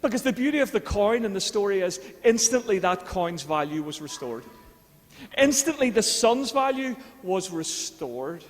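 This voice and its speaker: High-voiced Northern Irish pastor preaching. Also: male voice, sing-song, unhurried. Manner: conversational preaching, rising to fervent appeals. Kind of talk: sermon. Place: church hall. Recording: long church reverb.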